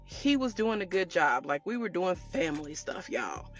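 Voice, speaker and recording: A woman telling her viewers a personal story in a casual storytime way, animated and chatty, calling them y'all. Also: fairly low pitch, moderate pace, faint music behind. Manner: animated, addresses viewers as y'all, acts out quotes. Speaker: storytelling vlogger.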